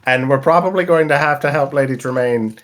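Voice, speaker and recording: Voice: mid-range voice, a little fast, a bit bright. A player in a tabletop game who rambles and restarts while joking about the story.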